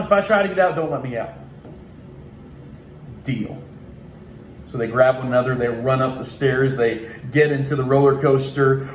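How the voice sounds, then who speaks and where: A young man from Oklahoma giving a motivational keynote, energetic and telling a story while acting out the voices in it. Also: medium pitch. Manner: energetic, acts out voices in his stories. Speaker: keynote speaker. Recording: echoey room, faint ambient noise.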